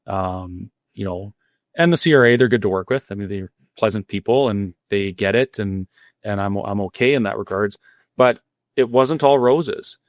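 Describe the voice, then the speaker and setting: A man's voice: fairly low pitch, normal speed, no room sound. Earnest middle-aged man, dry sound. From Alberta, Canada. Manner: candid, earnest, with frequent restarts. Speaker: guest, cafe owner. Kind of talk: interview storytelling.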